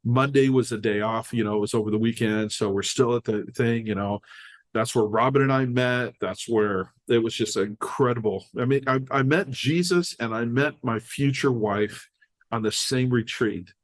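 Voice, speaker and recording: An older American man appears as a podcast guest, speaking at medium pitch and normal speed. He tells personal stories in casual conversation, animatedly acting out the dialogue.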